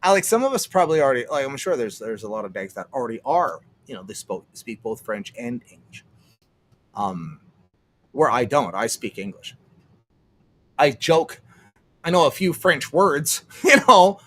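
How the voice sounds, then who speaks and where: A man's voice: medium pitch, sing-song, normal speed, fairly bright tone. A young man from Canada rambling casually on a livestream, swearing often and restarting his sentences. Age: young adult. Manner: rambling, profane, trails off and restarts. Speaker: streamer.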